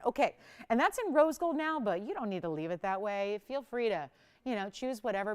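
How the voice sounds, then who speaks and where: In a TV studio, a woman hosts a live shopping broadcast, walking through jewelry deals with chatty, upbeat sales patter. Her voice is medium-pitched and smooth.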